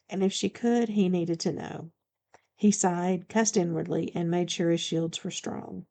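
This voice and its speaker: Gravelly low-voiced woman narrating. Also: steady tone, a little slow, dark tone. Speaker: author reading her book. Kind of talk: audiobook narration.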